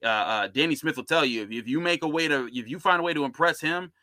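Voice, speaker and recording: A man's voice: fairly high pitch, fast talker, bright, forceful tone, no room sound. A man hosting a casual sports podcast, talking through football roster picks in a conversational way, with frequent restarts. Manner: conversational, many restarts and fillers. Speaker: podcast host and NFL analyst.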